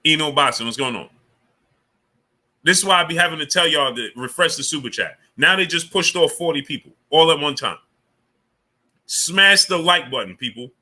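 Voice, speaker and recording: Bright-voiced man hosting a live stream. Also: a little high, expressive, moderate pace. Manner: shouting out viewers by name, indignant asides. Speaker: livestream host. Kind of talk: casual live-stream chat.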